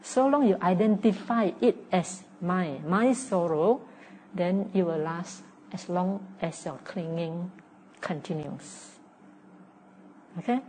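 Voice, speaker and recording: A woman's voice: fairly low pitch, slow pace, darkish tone, a little hiss or hum. A woman giving a Buddhist dharma talk as a meditation teacher. She explains patiently in simple, repeated sentences with non-native phrasing, often tagging her points with "huh?" or "okay?" and acting out the inner voices of her students. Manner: acts out inner voices of students in quoted lines.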